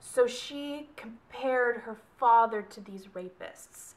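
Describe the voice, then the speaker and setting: A woman's voice: fairly high pitch, takes it slowly, hardly any pauses. A young woman giving a casual, rambling book review vlog, often stopping to correct herself. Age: young adult. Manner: rambling, self-correcting, chatty. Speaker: book vlogger.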